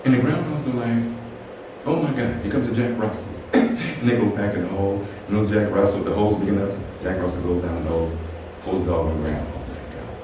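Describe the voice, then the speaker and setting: Animated storyteller man in an echoey room. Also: sits low, quick pace. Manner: animated, acts out the people in his story with laughs. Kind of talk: personal story told to an audience. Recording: echoey room, voice from far off, ambient noise.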